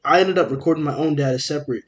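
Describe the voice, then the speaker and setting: Young male co-host, slightly high voice, profane and animated, rattles off a story with quoted dialogue. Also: rapid-fire. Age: young adult. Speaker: podcast co-host. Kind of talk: casual storytelling chat.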